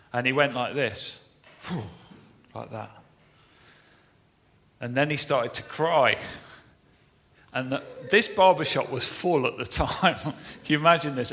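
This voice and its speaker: A man's voice: medium pitch, bright, forceful tone. A man preaching, telling a story in a conversational way with many fillers. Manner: anecdotal, conversational, with frequent fillers. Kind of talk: sermon storytelling. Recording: long reverberant hall.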